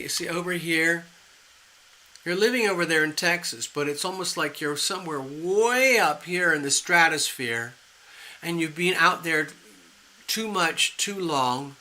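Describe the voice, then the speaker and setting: A man giving tarot readings on a live stream, talking gently and soothingly, rambling with fillers. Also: fairly high pitch, poor audio. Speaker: tarot reader.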